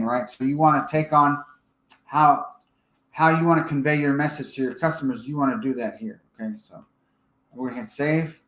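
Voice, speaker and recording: A man giving a casual screen-share software tutorial, thinking aloud as he edits and checking in with "okay?". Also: medium pitch, echoey room, low-quality recording. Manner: casual, thinks aloud while editing, frequent fillers and "okay?" check-ins. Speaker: software trainer.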